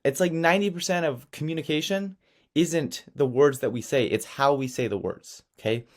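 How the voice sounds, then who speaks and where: Animated man teaching a sales course. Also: fairly high pitch, moderate pace. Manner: animated storytelling, checks in with okay and right. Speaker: marketing agency founder teaching sales. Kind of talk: online course lesson.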